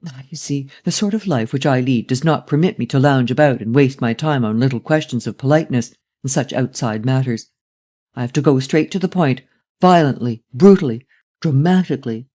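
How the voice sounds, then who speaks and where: A man voicing a suave gentleman thief who talks calmly and wryly. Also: medium pitch, lightly acted. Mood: scheming. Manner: calm, wry, deliberate. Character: suave, cynical gentleman thief, calm and scheming.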